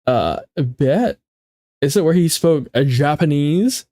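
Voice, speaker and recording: This young man's voice is a little high, animated and warm, and he keeps a measured pace with no room sound. Stuffy-nosed, he hangs out casually on stream, bantering playfully with viewers and frequently repeating himself.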